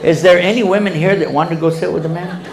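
A man's voice: high voice, fast, gravelly, crowd noise, noisy background. A man speaking as an Islamic lecturer in a public talk, answering audience questions by telling stories with humor and acting out quoted voices. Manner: animated storyteller who acts out quoted voices with humor.

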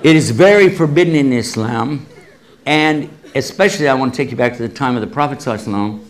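A man gives a public religious talk, answering questions from the audience through lively stories. He tells them with humor and acts out the voices of the people in them, in a mid-range voice. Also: mid-range voice, fast. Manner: animated storyteller who acts out quoted voices with humor.

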